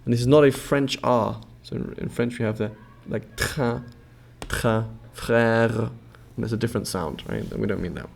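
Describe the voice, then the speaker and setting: Man, gravelly voice, patient language teacher, slow repeated model sounds, checks in often. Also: medium pitch. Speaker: Arabic pronunciation teacher. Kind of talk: instructional explanation with repeated model words.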